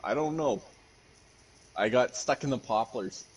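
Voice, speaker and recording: A man playing along on a gaming stream, chatting in a low-key, offhand way. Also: a little slow, breathy edge, rough recording. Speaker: co-player on a game stream. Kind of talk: casual gaming chat.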